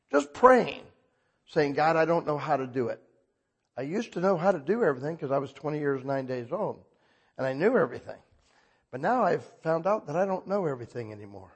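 An older man preaching a sermon in a husky voice, talking conversationally and asking the congregation frequent questions. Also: on the high side. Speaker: pastor.

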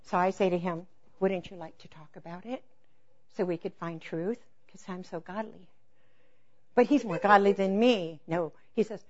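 Woman, preacher, sermon, acts out dialogue, laughs, soft hushed emphasis, low-pitched, muffled recording. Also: moderate pace. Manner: animated storytelling, laughing, acting out dialogue; drops to soft, near-whispered intensity on key points. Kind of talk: sermon with personal stories.

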